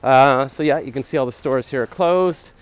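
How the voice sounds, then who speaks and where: A vlogger in his forties rambles casually into a phone camera while jogging along a city street, his mid-range voice clean and moderately paced. He makes chatty, self-deprecating asides, and faint outdoor street noise sits in the background.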